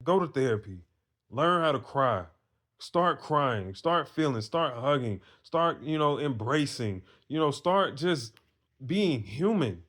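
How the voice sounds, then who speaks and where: A man speaks straight to other men in a loose, earnest monologue. He tells his own story plainly, then preaches his point with blunt conviction and the odd curse. His voice sits at an everyday middle pitch. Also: expressive, slow pace, a bit bright. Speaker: vlogger giving advice to men.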